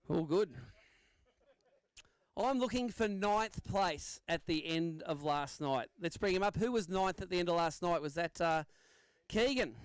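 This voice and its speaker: A man's voice: sits high, clear, resonant tone, no echo. Upbeat man emceeing a fishing weigh-in. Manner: upbeat, bantering with anglers. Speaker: tournament weigh-in MC. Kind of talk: live event emceeing. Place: outdoor lakeside weigh-in stage.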